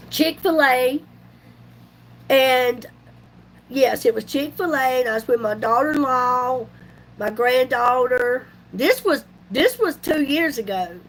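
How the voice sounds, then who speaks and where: Chatty woman in her fifties, high-pitched. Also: poor audio. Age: 50s. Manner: chatty, folksy, animated retelling with laughs. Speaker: YouTube vlogger. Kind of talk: casual storytelling vlog.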